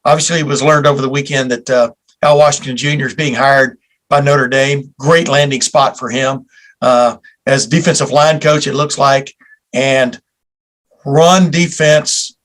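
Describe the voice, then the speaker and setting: A man's voice: mid-range voice, steady tone, moderate pace, a bit bright. A man hosting a sports podcast, chatting casually and dropping facetious asides. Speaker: podcast host.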